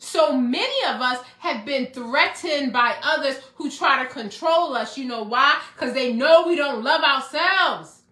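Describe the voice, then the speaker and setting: A woman giving a motivational self-love talk that sounds like preaching, excitable, with repetition and rhetorical questions. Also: high voice, unhurried, reverberant. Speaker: self-help speaker.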